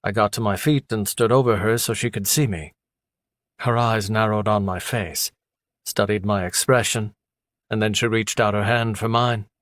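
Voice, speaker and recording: A deep-voiced man narrates an audiobook in the first person, sitting low in his range. His reading is measured and brooding, and the recording is dry with no room sound. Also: steady tone, fairly bright tone, no room sound.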